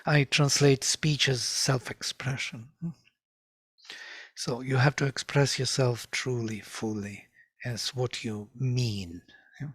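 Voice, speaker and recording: A man teaching a lecture on ancient scripture, speaking deliberately and chanting verses in a measured rhythm. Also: mid-range voice, fairly even intonation, fairly bright tone, slightly rough, no room sound, clean studio sound.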